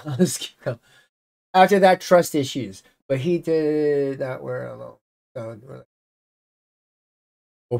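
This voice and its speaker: A channel host reading messages aloud in casual commentary, breaking in with exasperated, sarcastic remarks. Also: mid-range voice.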